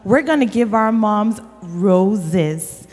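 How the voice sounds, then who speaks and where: Slow, breathy woman telling children a story. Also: mid-range voice, faint music behind. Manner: slow and animated, addressing children. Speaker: children's story leader at church. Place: church sanctuary. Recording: reverberant church hall.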